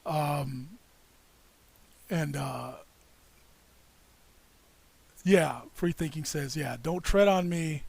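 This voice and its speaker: A man with a slightly raised pitch holds court on a casual livestream. He rambles, stacks up fillers and laughs often as he responds to what viewers type. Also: takes it slowly, vocal fry, a little mellow, husky. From United States. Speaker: livestream co-host.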